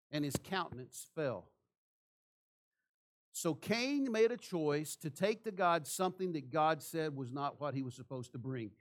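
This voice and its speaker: A man preaching a sermon in church, asking the congregation rhetorical questions. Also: a little high. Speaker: pastor.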